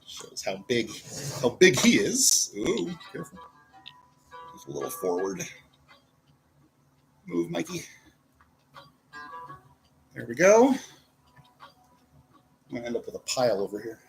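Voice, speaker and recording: A man's voice: mid-range voice, sing-song, measured pace, creaky, long pauses, soft background music, poor audio. A man reviewing toy figures in a rambling, casual way, often breaking off to talk to himself as he poses them. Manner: rambling, self-interrupting, talks to himself while posing figures. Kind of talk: casual chat.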